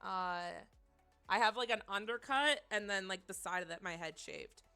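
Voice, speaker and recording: A woman's voice: mid-range voice, moderate pace, sharp tone, clean tone, faint music behind. A young woman streamer telling a story in casual chat, giggling often and using lots of filler words.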